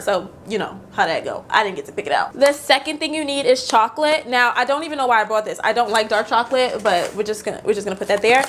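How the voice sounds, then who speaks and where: A young woman chatting excitedly as she narrates a cooking attempt in her home kitchen. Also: on the high side, slight background noise. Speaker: vlogger. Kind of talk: casual kitchen vlog.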